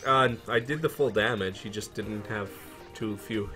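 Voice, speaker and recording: A man casually commenting while playing a video game, wry and thinking out loud. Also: on the low side, normal speed, soft background music. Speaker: gamer. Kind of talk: let's play commentary.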